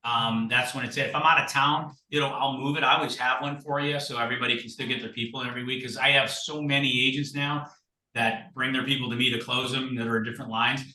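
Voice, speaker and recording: A man guest in casual chat, telling stories in an animated, blunt and salty way. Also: mid-range voice, quick pace. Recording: roomy sound from far off the mic.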